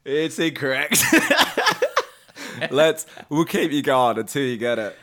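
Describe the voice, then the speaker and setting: A man's voice: medium pitch, slow pace, a bit bright. A young man co-hosting a podcast, running a quiz with casual banter and laughing often as he teases. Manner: laughs often while teasing.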